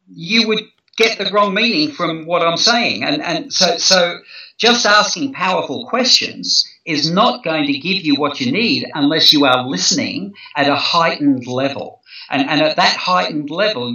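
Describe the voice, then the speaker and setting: A man's voice: fairly high pitch, sharp tone. A man in an interview explaining negotiation at length, talking thoughtfully with many fillers, restarts and repeated words. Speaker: negotiation expert guest. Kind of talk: conversational interview. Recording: roomy, distant, muffled sound.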